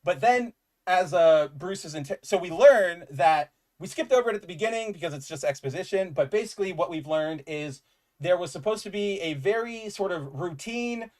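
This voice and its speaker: A man's voice: high voice, animated, normal speed, darkish tone. A man co-hosting a casual comics chat, enthusiastic and rambling, with lots of "like" fillers. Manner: enthusiastic, rambling, says "like" often. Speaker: podcast co-host.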